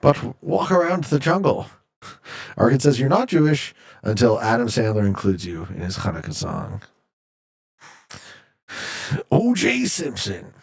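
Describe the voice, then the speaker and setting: A man's voice: mid-range voice, vocal fry. A man streaming a game, casually reading viewer chat aloud and joking as he answers, from Canada. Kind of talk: casual live-stream chat while gaming.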